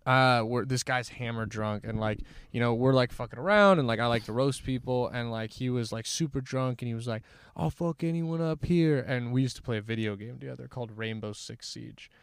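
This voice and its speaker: A man's voice: mid-range voice, steady tone, fairly quick, few pauses, clear, resonant tone, no echo. A young man telling a story in casual chat, rambling and swearing, with lots of "like" fillers. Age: young adult. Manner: rambling, swearing, heavy use of "like". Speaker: guest, former college athlete.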